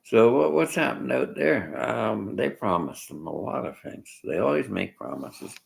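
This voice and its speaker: A man's voice: on the low side, lively intonation, measured pace, vocal fry, rough recording. A man rambling through a combative, blunt political rant aimed at his viewers. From Canada.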